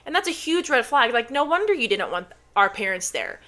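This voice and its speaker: A woman's voice: fairly high pitch, brisk. A young woman, a former gymnast, giving blunt, sarcastic commentary while reacting to a documentary. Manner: blunt, animated, sarcastic asides.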